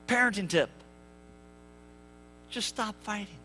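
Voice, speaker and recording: Animated high-voiced male preacher. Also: unhurried, vocal fry, faint music behind. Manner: animated, jokey, acts out voices. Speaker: pastor. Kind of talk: sermon with humorous storytelling. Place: church sanctuary.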